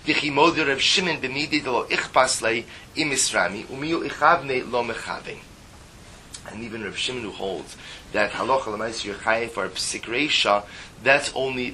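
A man leads a Talmud class, moving through the text with rhetorical questions and the Aramaic in a style. His voice is bright and forward, at a middle pitch. A faint noise sits under the recording. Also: low-quality recording. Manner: explaining with rhetorical questions, mixing Aramaic terms into English. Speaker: Talmud teacher.

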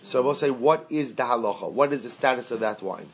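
A man's voice: mid-range voice, expressive, a little fast. Man teaching Talmud in singsong cadence. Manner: explains in a singsong study cadence, mixing Aramaic and Hebrew terms; repeats and restarts phrases, asks and answers his own questions. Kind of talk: Talmud class lecture.

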